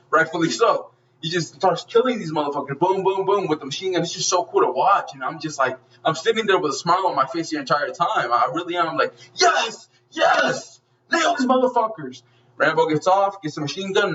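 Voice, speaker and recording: A man casually retelling an action movie scene by scene, excited, swearing a lot and making gunfire sounds. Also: a little high, recorded from a distance, muffled recording. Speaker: movie reviewer.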